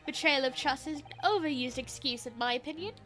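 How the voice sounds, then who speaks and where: A woman's voice: high-pitched, brisk, a bit bright. A woman voicing an eccentric male British detective who talks in a breezy, grandly philosophical way.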